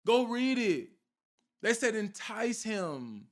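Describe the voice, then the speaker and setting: A man's voice: sits high, unhurried, fairly bright tone. A man preaching an informal sermon with fervour, firing rhetorical questions at his listeners and repeating a question for emphasis.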